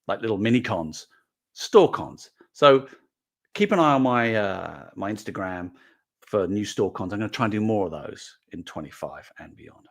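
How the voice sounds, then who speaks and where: Host role for a chatty man, lowish voice, animated storyteller. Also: normal speed. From England. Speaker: toy collecting show host. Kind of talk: casual monologue to camera.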